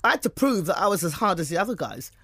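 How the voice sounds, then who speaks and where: A woman's voice: fairly low pitch, sing-song, fast talker, fairly bright tone, husky, no echo, studio quality. A woman from England with a British accent, a comedian in a casual interview, talking in a brash, boastful, jokey way. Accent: British English.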